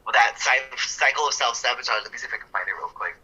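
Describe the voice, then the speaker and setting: The audio is poor, and the man's medium-pitched voice comes across bright, forceful, and slightly rough. Co-hosting a podcast, he unpacks counseling ideas casually but thoughtfully, stumbling through fillers and rapid self-corrections.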